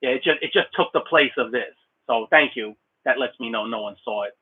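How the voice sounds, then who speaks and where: A man's voice: mid-range voice, fairly quick, husky, narrow, tinny audio. A middle-aged man chatting casually on a live stream from a small room, talkative and rambling, laughing often as he thanks viewers. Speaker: blacksmith streamer answering viewer questions.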